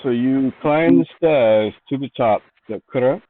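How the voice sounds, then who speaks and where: A man narrating a tabletop game as game master, describing scenes in a measured way with small restarts. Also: mid-range voice, no echo. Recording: tinny online call audio.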